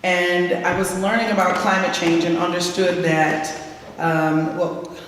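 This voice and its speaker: A woman's voice: fairly low pitch, little pitch movement, measured pace. A woman from gives a keynote speech in a plain, folksy way and talks straight to the crowd. Her voice carries a long reverb from a large hall. She sounds some distance from the microphone, with a faint hiss underneath. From South Louisiana, USA. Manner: folksy, direct, teasing the audience. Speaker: keynote speaker. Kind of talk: conversational keynote speech to a live audience. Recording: echoey hall, voice from far off, faint noise.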